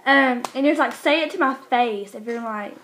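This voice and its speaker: A woman's voice: on the high side, normal speed, a bit bright. A teenage girl chatting casually as a vlogger, rambling and hesitant with many restarts. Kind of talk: casual chat.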